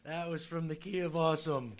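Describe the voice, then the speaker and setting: A man co-hosting a casual podcast, chatty and quick to laugh. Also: on the high side. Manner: laughs often, chatty and excitable. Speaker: podcast co-host. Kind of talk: casual chat.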